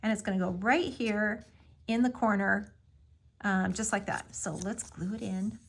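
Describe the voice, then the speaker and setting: A woman's voice: medium pitch, fairly even intonation, measured pace, gravelly. A woman giving a casual step-by-step craft tutorial, explaining each move with friendly fillers. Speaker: craft instructor.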